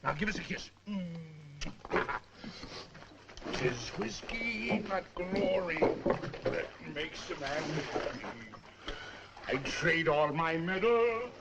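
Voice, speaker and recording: An actor playing a boozy, sweet-talking cavalry trooper, coaxing and playful. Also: male voice, on the high side, expressive, slow, pauses often. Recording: noisy old film soundtrack.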